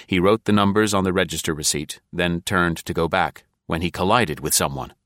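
Deep-voiced male audiobook narrator. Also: a little fast, a bit bright, dry recording, studio quality. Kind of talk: scripted narration.

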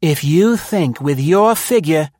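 A man voicing a sharp-tongued, shrewish society woman in an audiobook, with a crisp, sarcastic manner. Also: medium pitch, a little slow, no echo, studio quality, pitched above the performer's own voice, lightly acted. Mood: acid. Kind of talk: audiobook character voice.

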